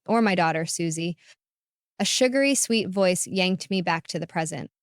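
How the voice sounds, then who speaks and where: Low, smooth female storyteller. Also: expressive, moderate pace, dry recording, studio quality. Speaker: narrator. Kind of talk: first-person story narration.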